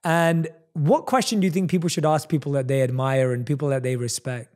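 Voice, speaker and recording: A man's voice: a little high, a little fast, darkish tone. A man hosting a podcast, asking questions in an earnest, enthusiastic, affirming way. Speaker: podcast host. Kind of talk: conversational interview.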